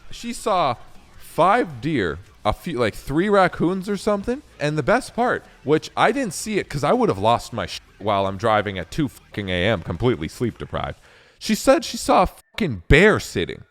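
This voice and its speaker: A man's voice: a little high, moderate pace, faint music behind. A young man from Canada, a streamer, telling a rambling road-trip story with lots of swearing and fillers. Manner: animated, profane, rambling with many fillers. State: recounting a sleepless night drive. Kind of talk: casual storytelling.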